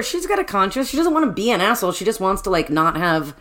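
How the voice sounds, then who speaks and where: Animated woman with a lively voice. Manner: animated, acts out characters' lines in quick high voices, swears freely. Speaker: podcast co-host. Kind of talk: casual chat recapping a book.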